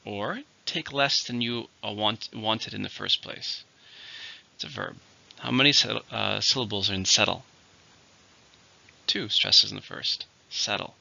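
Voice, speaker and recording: A man's voice: fairly low pitch, gravelly, pushed and bright. A man teaching English vocabulary, explaining words with some hesitation and example sentences. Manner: hesitant, with fillers and small restarts. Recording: muffled lo-fi recording.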